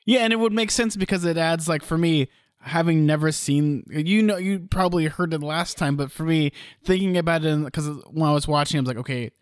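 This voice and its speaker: A man's voice: on the high side, a little fast, smooth, no echo, clean studio sound. A young man co-hosting a podcast, chatting casually in a rambling way and now and then acting out lines. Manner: rambling, restarts, acts out lines. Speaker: podcast co-host. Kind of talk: casual chat.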